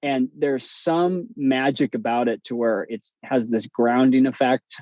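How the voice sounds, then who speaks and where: Relaxed, mellow-voiced man telling stories. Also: mid-range voice, no room sound, low-quality recording. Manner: relaxed, chatty, many fillers and restarts. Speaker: podcast guest, breathwork instructor. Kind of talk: casual storytelling interview.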